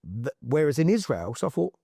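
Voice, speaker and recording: A man being interviewed, telling an animated story and acting out what other people said, with frequent repeats and restarts. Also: medium pitch, brisk, vocal fry, breathy edge, no echo, studio quality. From England. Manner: lively, repeats himself, quotes people in his stories. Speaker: interview guest.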